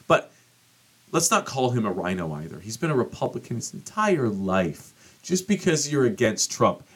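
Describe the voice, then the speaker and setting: A man's voice: lowish voice, a bit bright. Profane ranting male podcast host. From United States. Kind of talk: casual political commentary.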